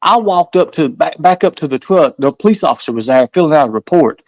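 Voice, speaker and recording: A man's voice: fairly high pitch, animated, brisk, darkish tone, no room sound, muffled recording. A man from the American South with a Southern accent, a guest telling stories in a casual interview, rambling and repeating himself. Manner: rambling, repeats words, acts out voices in stories.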